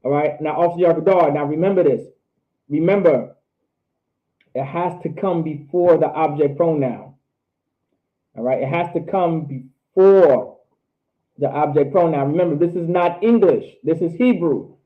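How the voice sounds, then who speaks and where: A man teaching a language class, repeating phrases slowly and drilling each word. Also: a little high. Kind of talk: online class lecture. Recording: tinny phone-like audio.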